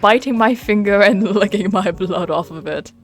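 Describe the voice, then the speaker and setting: A woman playing a mischievous roleplay character who tells gossip in an animated, playful way. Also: medium pitch, normal speed, soft background music, lightly acted. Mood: amused.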